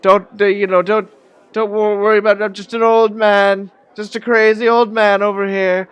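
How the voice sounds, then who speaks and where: A man's voice: high voice, little pitch movement, moderate pace, fairly bright tone, clear, resonant tone, dry recording, voice pushed up. Man doing a stammering, frightened old tavern drunk. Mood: pleading. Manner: pleading, stammering, jittery.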